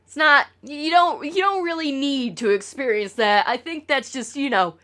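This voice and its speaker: A woman's voice: high voice, normal speed, a bit bright. Rambling, profane woman streamer. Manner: rambling, profane, stammering restarts. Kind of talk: casual stream chat.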